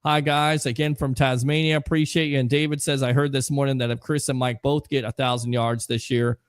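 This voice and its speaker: A man's voice: medium pitch, flat delivery, fairly quick, clear, resonant tone, dry recording, studio quality. A man hosting a casual sports talk show, reading viewer comments aloud in a loose, chatty way. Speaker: host.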